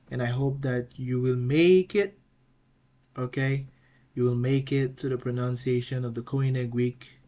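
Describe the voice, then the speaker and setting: A man teaching a pronunciation lesson, patient and slow, asking the viewer questions and repeating each word several times. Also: mid-range voice, a little mellow. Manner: asks the viewer questions and answers them. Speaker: Greek teacher.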